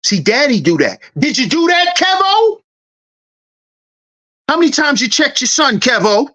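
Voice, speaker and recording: A man's voice: extremely high pitch, sing-song, a little slow, bright, forceful tone. A man hosting a commentary channel, delivering a heated, preachy monologue and acting out confrontations in a dad's voice. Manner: preachy, confrontational, acts out scenes.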